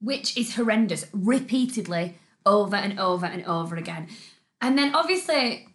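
A young woman, co-hosting a casual podcast and telling stories in an animated, chatty way. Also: mid-range voice, moderate pace. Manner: chatty, animated storytelling with laughs. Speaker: podcast co-host. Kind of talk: casual chat.

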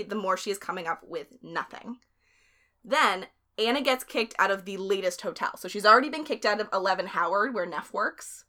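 A woman with a bright, forceful voice tells a story in a relaxed, conversational way. She keeps it lively and chatty and laughs easily as she goes. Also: medium pitch. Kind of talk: casual storytelling.

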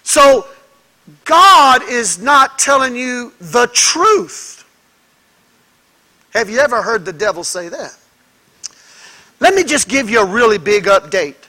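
A male pastor delivers an emphatic sermon in a very high, bright voice. He speaks slowly and deliberately and presses his points with rhetorical questions to the congregation. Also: big pitch swings.

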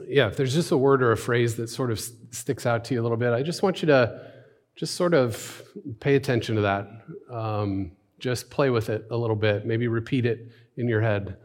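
A man preaching an informal sermon in a church, talking in a relaxed, conversational way with frequent fillers and restarts. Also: medium pitch. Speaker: pastor. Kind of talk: informal sermon with scripture reading. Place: church sanctuary.

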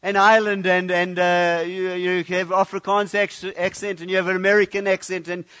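A man's voice: high-pitched, level tone, normal speed, fairly bright tone, clear, resonant tone. A man preaching a conversational sermon in a church, often restarting and repeating words as he speaks. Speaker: pastor.

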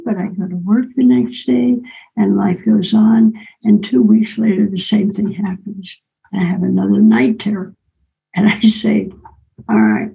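An older woman telling a personal story in a reflective way, often pausing and adding "right?" asides. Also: on the high side, creaky, mellow, breathy edge, low-quality recording.

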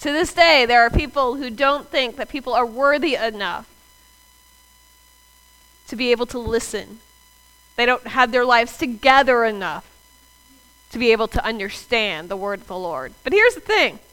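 Woman preaching, high voice that swoops all over, chatty with the crowd. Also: lively intonation, normal speed, pauses often, fairly bright tone, rough recording. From US South. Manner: conversational, addresses the congregation directly. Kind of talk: sermon.

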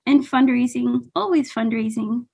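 A woman's voice: on the high side, measured pace, creaky, darkish tone, slightly rough. A woman founder being interviewed on a podcast, upbeat and enthusiastic about her company. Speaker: startup founder, podcast guest.

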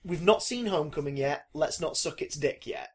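A man's voice: a little high, animated, normal speed, slightly rough. A young British man co-hosting a podcast in casual, joking chat, often breaking into silly put-on voices. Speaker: podcast co-host.

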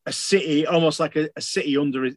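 A man's voice: on the high side, fairly even intonation, fast, no echo. A man chatting casually on a podcast, rambling and enthusiastic, swearing freely. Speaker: podcast co-host.

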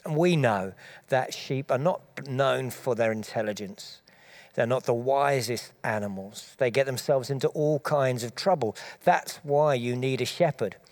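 A man preaching, giving a measured, explanatory Bible teaching talk with small restarts as he thinks aloud. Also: mid-range voice.

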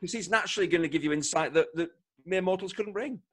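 A man's voice: sits high, fast, husky. A man, a football co-commentator, telling stories in casual podcast chat with playful mock-pompous humour.

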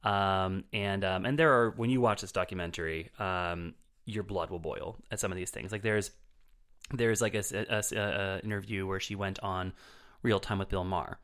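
A man's voice: deep voice, fairly even intonation, moderate pace, fairly bright tone. A man reviewing films on a podcast in casual chat, rambling with lots of fillers and restarts.

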